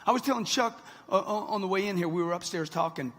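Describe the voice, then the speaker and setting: This sixty-something motivational speaker talks fast in a high, somewhat bright voice. He gives a brash, punchy speech directly to a live crowd in a large event hall, where long reverb trails his words.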